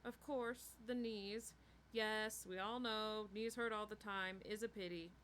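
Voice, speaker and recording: A woman's voice: medium pitch, steady tone, measured pace, a bit bright, slight background noise, close to an everyday voice. A woman reader voicing a grumpy, balding older vampire man with a thick German accent, stiff and disapproving. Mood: dismissive.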